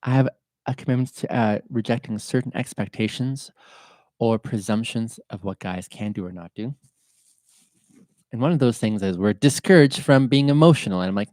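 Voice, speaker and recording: Male podcast host, earnest and openly emotional, soft-spoken and warm-toned, dry close sound. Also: medium pitch, moderate pace, no echo. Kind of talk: reflective livestream talk.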